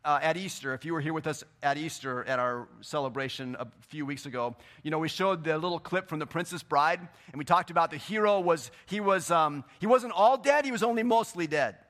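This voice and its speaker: A man preaching a sermon in a church, swinging between loud, emphatic bursts and quieter scripture reading. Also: fairly high pitch, fairly quick, few pauses. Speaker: pastor. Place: church sanctuary.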